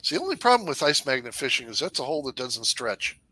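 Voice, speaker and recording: Bright-voiced folksy joking man. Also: mid-range voice, big pitch swings, fast talker, slight background noise. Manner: folksy, teasing banter. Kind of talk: casual live-stream chat.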